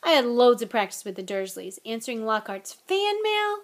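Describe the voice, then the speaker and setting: A woman's voice: fairly high pitch, sing-song, moderate pace. Woman reading a weary, uneasy boy wizard. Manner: hollow, anxious.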